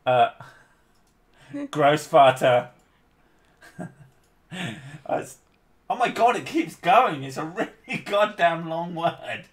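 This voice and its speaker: A man's voice: sits high, very animated, takes it slowly, pauses often, a bit bright, slightly rough. A Scottish man in his thirties chatting casually and swearing freely on a stream. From Scotland. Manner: sweary, jokey banter.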